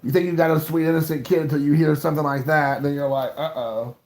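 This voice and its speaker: A man's voice: fairly high pitch, little pitch movement, fast, darkish tone. A man in his thirties, co-hosting a podcast, telling a rambling, self-mocking childhood story in casual chat.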